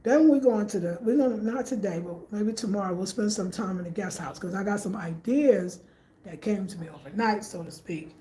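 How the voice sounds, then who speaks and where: A woman's voice: medium pitch, brisk, dark tone. A woman chatting casually in a home design vlog, thinking aloud as she shows her living room and often repeats herself. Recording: echoey room, faint room noise.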